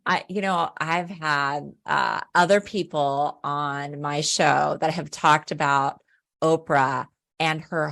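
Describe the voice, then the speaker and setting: A woman's voice: low-pitched, a bit bright. A woman hosting a podcast interview, speaking in a reflective, appreciative way. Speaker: podcast host.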